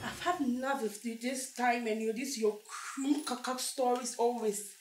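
A woman's voice: on the high side, fairly even intonation, normal speed, roomy sound, faint music behind, lightly acted, low-quality recording. A woman playing a spiteful scheming sister. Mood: taunting. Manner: taunting, insulting.

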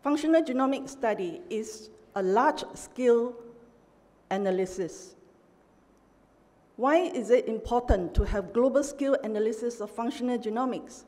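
Middle-aged woman prof giving a lecture, slow and careful, lots of uh's, voice rings around a big hall. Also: fairly high pitch, mellow. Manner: measured, emphatic, with frequent "uh" pauses. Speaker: professor giving an inaugural lecture. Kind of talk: academic lecture. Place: large university lecture hall. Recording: long hall reverb.

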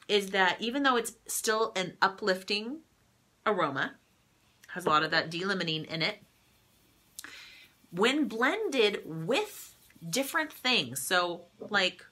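A woman with a slightly low but bright, forceful voice teaches a casual live class. She talks in a chatty, friendly way and keeps checking in with listeners. She laughs easily between points. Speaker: massage therapist teaching an essential oils class.

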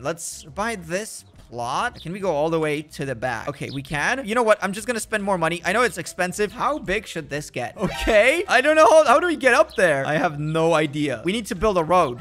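A man's voice: fairly high pitch, fairly bright tone. A gaming YouTuber giving playful, mock-sarcastic let's play commentary, chatting to the little townspeople in his game as he builds.

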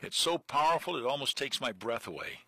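A man's voice: mid-range voice, animated, a little fast, bright, forceful tone, no room sound, pitched above the performer's own voice. A man reading aloud as a desperate, frightened young man, tense and earnest. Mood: fearful.

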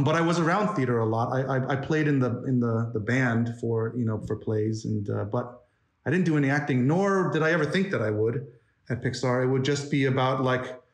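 A man's voice: mid-range voice, a little fast, echoey room. A man, a guest animator, chatting casually in an interview, rambling with lots of fillers and restarts. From New York.

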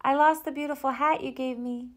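A woman's voice: high-pitched, fairly even intonation, brisk, pitched above the performer's own voice, close to an everyday voice. A woman voicing the moon in a storybook, repeating each word back in a calling, echoing way.

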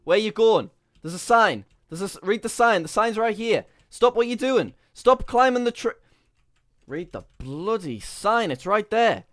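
A young man hosting a gaming commentary, excitable and laughing often. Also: high-pitched, measured pace, dry recording, studio quality. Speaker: YouTuber host.

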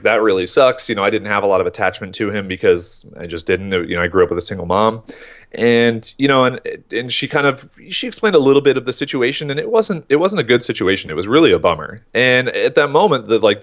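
A man in his thirties, a guest on a podcast, telling his story in casual talk and acting out his own thoughts. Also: fairly low pitch. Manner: animated storyteller, acts out his own inner voice.

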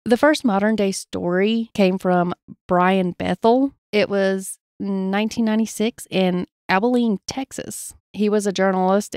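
A woman's voice: medium pitch, clean tone, dry recording. Woman reading eerie stories, dry mic. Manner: reads from notes, laughs easily, plays along with jokes. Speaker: podcast co-host. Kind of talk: reading paranormal stories in casual chat.

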